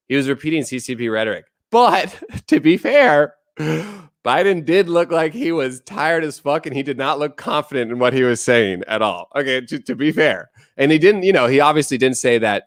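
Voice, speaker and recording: A man's voice: medium pitch, dry recording, studio quality. A man from the United States chatting on a live stream, ranting bluntly with plenty of swearing and replying to chat messages aloud. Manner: blunt, profane, opinionated ranting.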